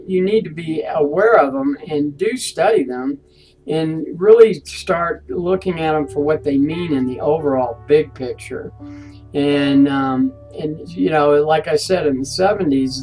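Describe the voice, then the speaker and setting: A man giving a recorded course lecture, talking in a halting way with frequent restarts and fillers. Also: on the high side, darkish tone, rough recording. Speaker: instructor.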